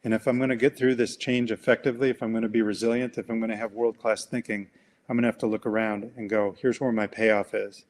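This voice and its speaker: A man coaching through a webinar, telling an animated, folksy story and acting out voices along the way. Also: on the low side, fast talker. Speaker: coach and presenter. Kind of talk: webinar talk with a demonstration. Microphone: webinar mic.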